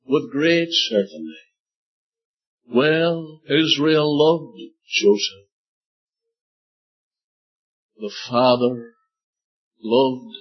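A man preaching a sermon with fervent repetition, drawing out his words and rising to loud emphatic bursts. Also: sits high, muffled recording. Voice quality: fervent, repeats scripture lines for emphasis. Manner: slow, drawn-out preaching with sudden loud emphatic rises.

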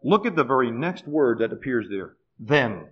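A middle-aged man preaching a sermon with fervent, repetitive phrasing, often sinking to a hush. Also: medium pitch, very animated, normal speed, breathy edge. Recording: dull lo-fi sermon recording.

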